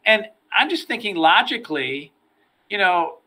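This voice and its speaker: A middle-aged man tells stories from his career as an interview guest, animated and given to repeating words at the start of his sentences. His voice sits a little high and sounds bright and forceful, with a pushing energy behind it. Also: unhurried. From United States. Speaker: interview guest, former FBI agent. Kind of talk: storytelling in a podcast interview.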